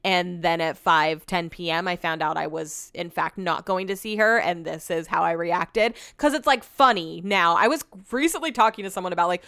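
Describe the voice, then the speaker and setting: A young woman hosting a podcast, telling a long personal story in casual, animated chat full of "like" fillers. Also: on the low side, moderate pace, vocal fry, hardly any pauses, smooth, no room sound, clean studio sound. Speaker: podcast host.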